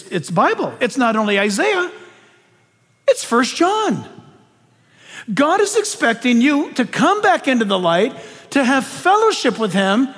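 High-voiced animated preacher in a hall. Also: male voice. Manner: animated preaching, swinging from loud to hushed. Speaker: pastor. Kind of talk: sermon. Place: large church hall. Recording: echoey hall reverb.

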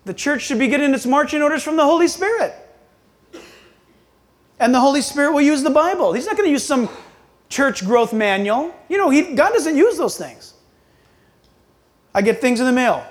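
A man preaching a sermon, swinging between loud, quick bursts and hushed, low asides. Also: sing-song. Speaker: pastor.

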